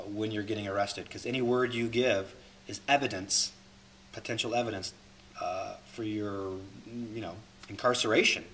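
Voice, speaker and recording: A man's voice: medium pitch, sharp tone. A man teaching a recorded class as a holistic coach, repeating key points and talking through examples.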